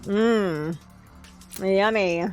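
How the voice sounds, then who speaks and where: A woman's voice: mid-range voice, drawn-out words, faint music behind. A young woman streaming a game live, chatting casually and talking to herself, laughing often and sounding tired. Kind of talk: casual live-stream chat while playing.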